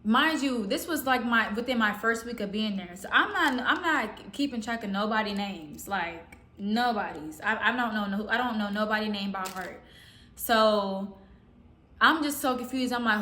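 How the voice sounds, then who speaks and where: Slangy woman storyteller, bright roomy voice. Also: on the high side, normal speed. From Southern US. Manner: slangy, rambling, animated quotes. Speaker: storytime vlogger. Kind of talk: casual storytelling. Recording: roomy echo.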